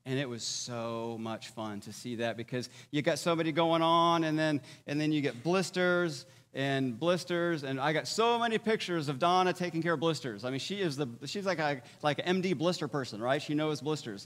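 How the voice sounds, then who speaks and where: A man's voice: fairly high pitch, a bit bright. A man giving a conversational sermon as a pastor, often checking in with his listeners. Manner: conversational, checks in with "all right?" and "okay?". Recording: long hall reverb.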